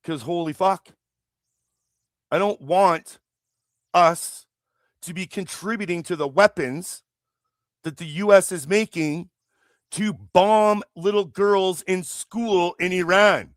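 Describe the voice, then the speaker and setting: A man's voice: high voice, slow, long pauses, no echo. Male streamer, furious profane rant, raised voice, dead dry close-mic sound. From Canada. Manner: angry, heavily profane, emphatic. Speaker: livestream host. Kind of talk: live political rant.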